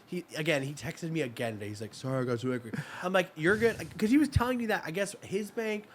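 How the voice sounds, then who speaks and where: Young male podcast co-host, rapid storyteller, slightly high voice, acts out the quotes. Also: slight background noise. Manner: fast, animated storyteller acting out quotes. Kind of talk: casual storytelling chat.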